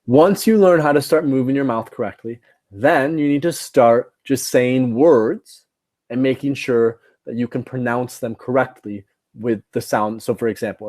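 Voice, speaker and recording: A man's voice: mid-range voice, a little mellow. A man teaching a live online class, explaining points step by step and checking in with "right?" and "okay?". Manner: instructive, repeats points, asks "right?" and "okay?". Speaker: TOEFL teacher.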